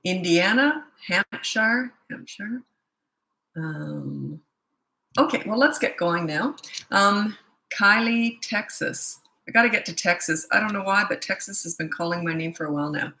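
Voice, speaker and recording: A tired, low-energy middle-aged Canadian woman, a parenting coach, chats casually on a livestream and reads viewer comments aloud. Her mid-range voice is expressive and sharp, a little slow, with vocal fry. The room she's in is echoey.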